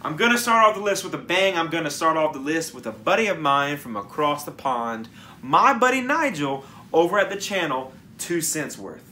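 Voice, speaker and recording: Bright, upbeat fragrance vlogger man. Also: fairly high pitch, lively intonation, moderate pace, a little hiss or hum. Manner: enthusiastic, rambling, off-the-cuff. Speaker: fragrance reviewer and channel host. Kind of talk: casual vlog talk to camera.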